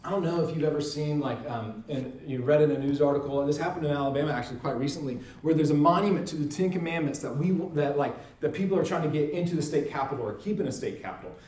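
A man teaching in an earnest, emphatic way, often checking in with a quick "right?". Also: fairly high pitch, darkish tone. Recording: roomy sound, mic at a distance.

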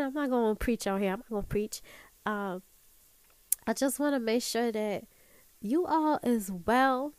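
Brief: woman host, heartfelt talk, slow unhurried delivery, dry close sound. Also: mid-range voice, a little mellow, no echo, rough recording. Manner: earnest, preachy, building to emphatic peaks. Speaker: podcast host. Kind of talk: casual heartfelt monologue.

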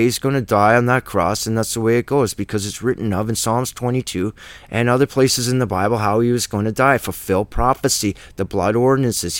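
A man's voice: medium pitch, dry recording. A man teaching a Bible study in a blunt, emphatic way, with slangy asides between verses.

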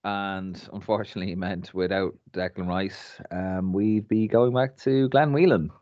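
A deep-voiced Irish man giving blunt, opinionated takes on a casual podcast and swearing freely. His voice is dry and close, with a slightly dull, muffled tone. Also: fairly even intonation, moderate pace, darkish tone, no room sound. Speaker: podcast co-host.

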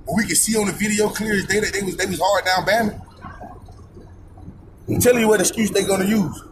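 A man's voice: high-pitched, fairly even intonation, a little fast, noisy background. A man ranting in a heated, profane monologue, hammering points with repetition and rhetorical questions. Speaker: podcast host. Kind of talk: personal opinion monologue.

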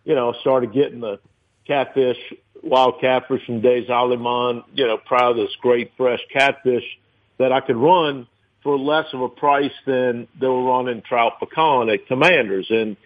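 A man's voice: mid-range voice, fairly even intonation, measured pace. A man in his fifties from New Orleans, a restaurateur telling rambling stories in a casual interview, with many fillers. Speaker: restaurateur guest. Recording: tinny phone line.

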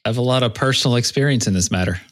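A man co-hosting a podcast, joking in a dry, deadpan way. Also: mid-range voice, very fast, no room sound. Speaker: podcast co-host. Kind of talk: casual chat.

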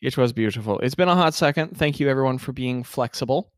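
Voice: mid-range voice, quick pace, clear, resonant tone, dry recording, studio quality. A game master hosting a casual tabletop game session, chatty and self-deprecating, laughing easily.

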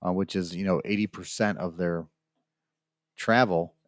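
A man with a deep voice and a steady tone co-hosts a casual podcast, telling a rambling story at normal speed and impersonating the people in it. A studio mic captures clean sound without echo.

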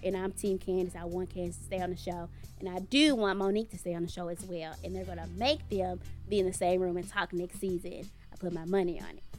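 Outspoken woman giving blunt commentary. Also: mid-range voice. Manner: outspoken, opinionated, blunt with occasional swearing. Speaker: podcast co-host. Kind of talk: casual commentary chat.

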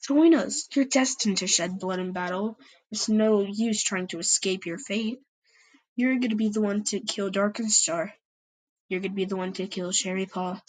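A woman voicing a menacing female cat from a dark place, cold and threatening. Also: mid-range voice, fairly even intonation, normal speed, lightly acted, rough recording.

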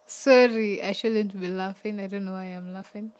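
A woman with a Kenyan accent, a podcast co-host who talks in a gentle, comforting way and giggles often. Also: mid-range voice, fairly even intonation, takes it slowly, clear, resonant tone. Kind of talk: casual podcast chat.

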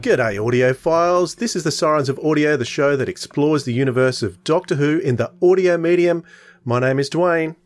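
Easygoing podcast host. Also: male voice, fairly high pitch, normal speed, slight background noise. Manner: friendly, easygoing with small hesitations. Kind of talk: casual chat.

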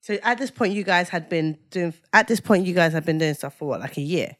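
A woman's voice: lowish voice, lively intonation, fairly quick. A woman co-hosting a podcast, chiming in with short questions and agreement in casual chat. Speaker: podcast co-host.

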